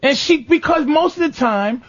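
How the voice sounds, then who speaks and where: High, lively man ranting on a talk show. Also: normal speed. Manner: animated, crude storytelling, mimics voices. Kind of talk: profane comedic radio rant. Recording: muffled lo-fi, dry.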